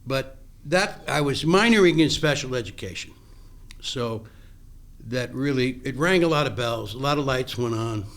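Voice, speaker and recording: Speaking at a normal speed in a mid-range voice, an older actor shares past stories as a podcast interview guest. He frequently begins sentences again and brings them to life by performing the dialogue he remembers.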